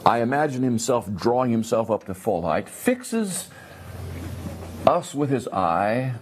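A man teaching a Bible class in a lively way, acting out the characters and often repeating himself. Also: mid-range voice, a little slow, slight background noise. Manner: animated, acts out characters, repeats words.

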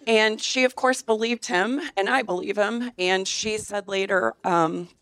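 A woman's voice: mid-range voice, unhurried, a bit bright, no echo. A woman in a church group telling a personal family story, emotional and close to tears at times. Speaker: class member sharing a story.

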